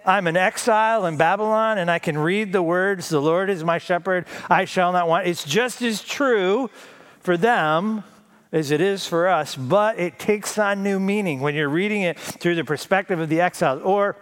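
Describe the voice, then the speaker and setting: A man's voice: high voice, moderate pace, a bit bright, clear, resonant tone. A male pastor giving a conversational sermon with a self-deprecating sense of humor.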